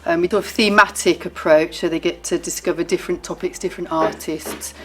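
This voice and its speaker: A female art teacher describing her lessons calmly. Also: on the low side, brisk. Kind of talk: interview about teaching.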